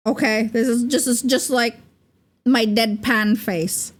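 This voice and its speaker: A young woman streaming as a VTuber in loose, rambling chat. Her voice sits a little high and she takes her time, drifting between thoughts with plenty of "like" and quick giggles. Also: steady tone. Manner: rambling, giggly, full of fillers. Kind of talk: casual livestream chat.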